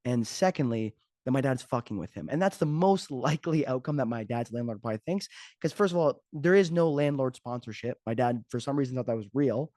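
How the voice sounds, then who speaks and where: A man's voice: medium pitch, expressive, brisk, warm tone, no room sound, studio quality. A man hosting his own podcast as a fitness coach, talking casually and joking off the cuff. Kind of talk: casual solo podcast talk.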